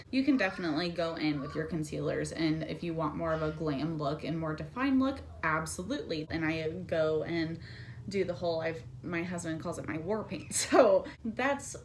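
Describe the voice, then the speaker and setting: A woman's voice: fairly low pitch, a little hiss or hum. A young woman at home chatting candidly through a casual makeup tutorial. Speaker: beauty vlogger.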